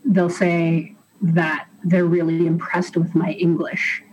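A young adult graduate student on a panel, telling personal stories in a relaxed way. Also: medium pitch, a little hiss or hum, low-quality recording. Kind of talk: panel discussion.

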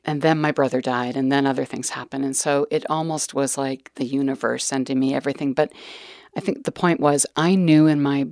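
Middle-aged woman guest, candid storyteller, fry-heavy voice, dry recording. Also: a bass voice, steady tone, a little fast, darkish tone, no room sound. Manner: earnest, dropping to whispered asides. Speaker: nurse educator guest.

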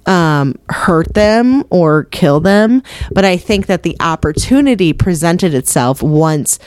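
Chatty woman with a low, dry voice. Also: animated, slow pace, darkish tone, clear, resonant tone, no room sound. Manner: chatty, laughs often, playful impressions. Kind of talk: casual chat about a film.

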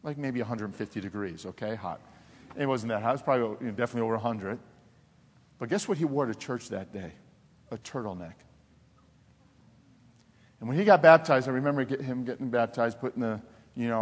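A man preaching a sermon as pastor, telling animated personal stories, laughing often and dropping to soft, intense tones. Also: medium pitch, a little fast, long pauses. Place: church sanctuary. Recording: long reverb of a church hall.

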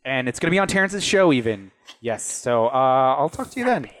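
A man's voice: mid-range voice, sing-song, a little fast, fairly bright tone. A man narrating as game master, rambling with many fillers.

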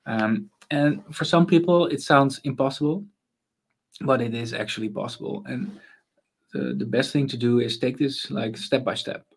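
A man speaks at an everyday mid pitch in a casual interview. He is relaxed and thoughtful, and he often pauses on fillers before picking his thread back up. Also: breathy edge. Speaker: guest, consultant on mental space.

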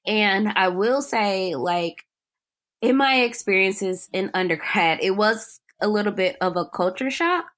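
A woman's voice: medium pitch, unhurried. A young woman from Ohio whose accent picked up a Southern tinge. She co-hosts a podcast in easygoing, meandering conversation, full of fillers and small restarts. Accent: Ohio speech with a Southern US tinge. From Ohio, USA. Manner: relaxed, rambling, many fillers. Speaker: podcast co-host. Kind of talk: casual chat.

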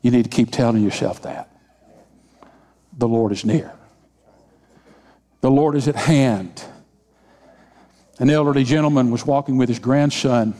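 A senior pastor with a mellow, mid-range voice preaches at a measured pace, leaving long pauses. He's emphatic, repeats phrases, and leads call-and-response, all echoing with the long reverb of a large hall.

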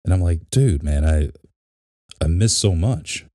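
A man's voice: low-pitched, animated, unhurried, warm tone, no room sound, clean studio sound. A man co-hosting a podcast, chatting casually in a rambling, talkative way. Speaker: podcast co-host. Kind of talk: casual chat.

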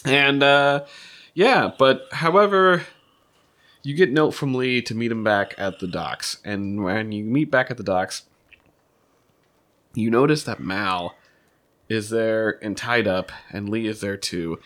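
A man's voice: fairly low pitch, takes it slowly, fairly bright tone. A man narrating as game master of a tabletop game, loose and full of fillers.

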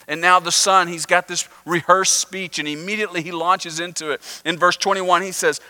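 A male pastor preaching a sermon, animated and acting out the voices of the listeners in the story. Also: on the high side, moderate pace, hardly any pauses.

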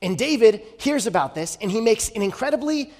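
A male pastor preaching a sermon, telling a story with rhetorical questions and dropping from loud to hushed. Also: sits high, lively intonation, fairly quick. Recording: long hall reverb.

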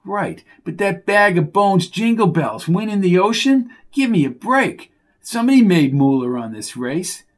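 A wisecracking sidekick talks with sarcastic, jumpy energy, as a male narrator puts him on. His voice sits a little higher than the storyteller's own. This audiobook figure is quick with a jab. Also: very animated, heavily acted. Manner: sarcastic and jokey. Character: wisecracking excitable man, a race-betting sidekick.

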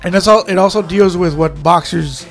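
A man's voice: high-pitched, moderate pace, gravelly, faint music behind. A man co-hosting a podcast in casual chat, rambling with lots of fillers and restarts. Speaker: podcast co-host.

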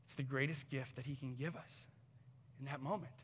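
A man preaching a sermon as pastor, moving between loud urgent appeals and hushed, almost whispered passages, and acting out short exchanges with the people he describes. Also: medium pitch, fairly even intonation, fairly quick, slight background noise. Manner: acts out short quoted exchanges.

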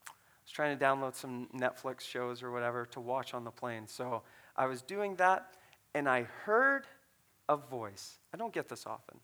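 A man who is a pastor, telling a story in a sermon in a conversational, animated way with fillers. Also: mid-range voice.

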